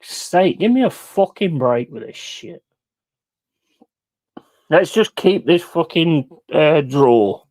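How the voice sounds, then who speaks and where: A man reacting live to a football match and ranting at the referee. He swears constantly. His voice swings widely in pitch as he rages. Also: expressive, takes it slowly, long pauses, darkish tone. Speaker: watch-along host.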